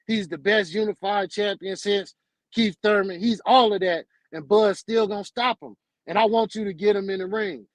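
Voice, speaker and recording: A man's voice: high voice, dry recording, poor audio. A man hosting a casual sports talk show, talking emphatically in a ranting way and ending many lines with "man".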